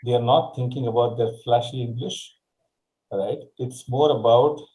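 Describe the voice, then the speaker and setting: A man's voice: mid-range voice, steady tone, moderate pace, mellow, low-quality recording. A man hosting a casual talk-show interview, hesitant with many fillers and repeated words. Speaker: host.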